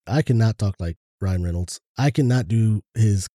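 A man co-hosting a podcast, reading birthday shout-outs in a plain, understated way. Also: lowish voice, moderate pace, no room sound, studio quality. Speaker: podcast co-host.

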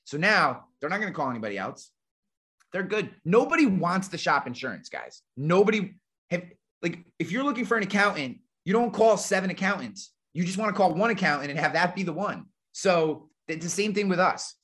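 A man's voice: sits high, expressive, a little fast, a bit bright. Blunt, casual-talking man on a webinar. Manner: casual and blunt, with frequent fillers and some swearing. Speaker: podcast host and insurance agency owner. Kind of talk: live webinar teaching. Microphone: remote webinar call.

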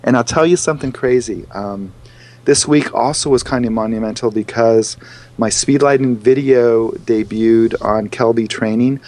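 A man who teaches photography workshops, chatting as a podcast guest. His voice sits at an ordinary pitch, and he tells stories with animation and pace. Quick fillers run through his speech. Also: darkish tone. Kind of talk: casual podcast chat.

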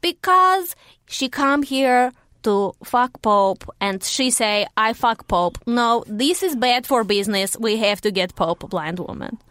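A joking immigrant dad with a thick Russian accent and broken English, as a woman puts him on. He drags each punchline out slowly and flatly, fairly high for a man. Dry, close booth sound with no room echo. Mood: deadpan joking. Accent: put-on Russian accent. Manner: broken English, slow deadpan joke delivery. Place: recording booth.

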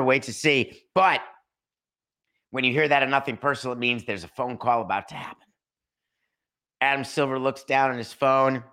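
A man hosting a solo sports podcast, talking in a sarcastic, animated way and acting out little scenes. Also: medium pitch. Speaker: podcast host.

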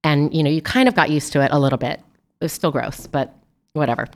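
A young adult woman telling a lively story to a host in a casual chat, laughing often. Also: sits low, brisk. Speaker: guest. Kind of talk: casual anecdote.

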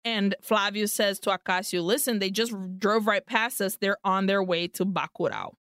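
A woman co-hosting a podcast animatedly retells a film's plot and acts out the characters' lines in a casual recap chat. Her medium-pitched voice is fairly bright and smooth, at a moderate pace. The sound is studio quality with no echo.

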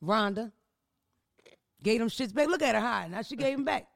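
A woman hosting an advice podcast in a studio, telling stories in a loud, profane, animated way. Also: on the high side, moderate pace, gravelly, no room sound. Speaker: podcast host giving advice. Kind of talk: casual comedic chat.

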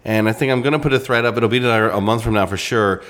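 A man's voice: mid-range voice, fast talker, fairly bright tone. A man co-hosting a podcast in upbeat, enthusiastic casual chat. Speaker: podcast co-host.

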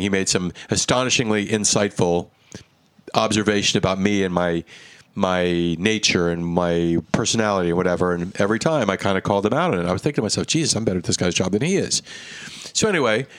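A man with a low voice, recorded close and dry, tells a story in relaxed chat. He talks animatedly, drops in quick asides and swears now and then. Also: no room sound.

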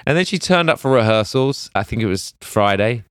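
A middle-aged man, an executive producer telling lively behind-the-scenes stories in an interview. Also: mid-range voice, brisk, clear, resonant tone, no room sound, studio quality. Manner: lively storyteller acting out quoted voices. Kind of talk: animated anecdotal interview.

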